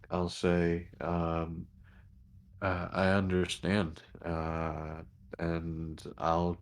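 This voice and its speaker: Very low, slow man gaming in character, stops and restarts a lot. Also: vocal fry. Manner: halting, hesitant, many restarts and fillers. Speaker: player as station commander. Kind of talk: tabletop role-play, in character and narrating actions.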